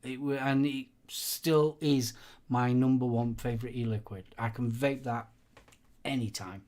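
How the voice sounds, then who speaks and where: A middle-aged man co-hosting a live stream, chatting casually in a rambling, halting way, full of ums and restarts. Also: medium pitch, fairly even intonation, a little mellow. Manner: rambling, halting, many fillers. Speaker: livestream co-host. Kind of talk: casual chat, sharing favourites.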